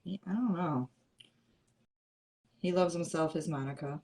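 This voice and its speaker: Middle-aged woman, craft livestream host, slightly low voice, easy playful chatter with the viewers. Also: unhurried, dark tone. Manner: chatty and playful, answers comments. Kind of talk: casual chat with live viewers.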